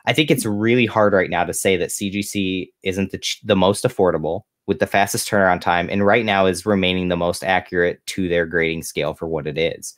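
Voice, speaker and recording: A man speaking as a guest on a livestream Q&A, giving measured, advisory answers in casual chat over a video call. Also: low voice, fairly even intonation, a bit bright. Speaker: guest card collector.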